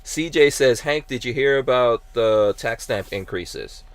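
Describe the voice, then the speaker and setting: A man with a medium-pitched voice hosts a casual podcast, reading out live chat comments. His speech is halting, with many fillers and restarts, and there's no room sound.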